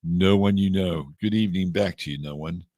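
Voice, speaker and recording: A man's voice: low-pitched, moderate pace, dark tone, dry recording, clean studio sound. A middle-aged man from Texas hosting an astrology livestream, chatting loosely and greeting viewers by name. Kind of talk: casual livestream chat.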